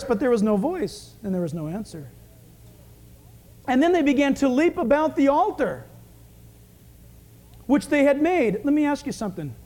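High-voiced man preaching animatedly. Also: normal speed. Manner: animated, acting out quotes. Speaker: pastor. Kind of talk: sermon.

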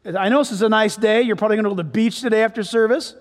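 High-voiced pastor preaching in a hall. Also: male voice, very fast. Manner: conversational, storytelling. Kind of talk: sermon. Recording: echoey hall.

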